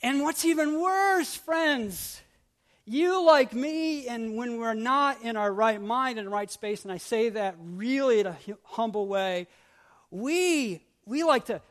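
A man preaching a sermon as pastor, his voice sitting high, swings from urgent repeated questions to hushed, prayerful lines. He acts out grumbling voices and adds asides along the way.

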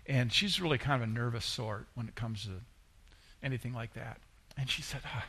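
A man's voice: lively intonation, moderate pace, bright, forceful tone, slightly rough. A middle-aged male pastor preaching a sermon in a conversational storytelling way, acting out the people he quotes. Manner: conversational, acts out quoted voices with rising pitch.

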